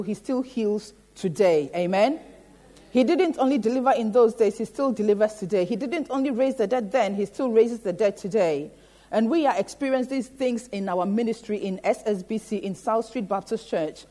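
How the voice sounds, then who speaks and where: A woman preaching a sermon in a church, often pausing to ask the congregation "Amen?" and building her points through repetition. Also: fairly high pitch, dark tone. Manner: rhetorical, repeats "Amen?" to the congregation.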